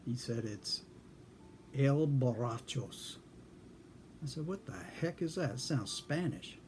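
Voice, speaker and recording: A man's voice: mid-range voice, expressive, moderate pace, slight background noise. A man telling a casual story in a folksy, dry way, acting out both sides of a conversation. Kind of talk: casual spoken anecdote.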